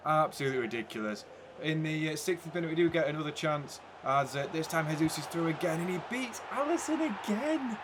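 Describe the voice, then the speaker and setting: A man's voice: mid-range voice, background noise. A young man commentating a football video game casually, swinging between hype and frustrated ranting. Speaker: gaming YouTuber.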